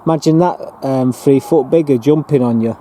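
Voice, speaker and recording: A man talks his way around an allotment, rambling and restarting as he goes. His voice is dark and mellow, with a faint hum of town and traffic behind him outdoors. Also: mid-range voice, moderate pace. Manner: chatty, rambling, with fillers and restarts. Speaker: allotment gardener giving a plot tour. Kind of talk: casual walking tour narration.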